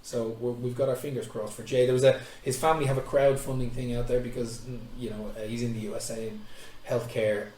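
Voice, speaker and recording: A man's voice: medium pitch, little pitch movement, a little fast, darkish tone. A man hosting a podcast in casual chat, frank and laughing often. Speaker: podcast host. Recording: distant roomy mic with faint noise.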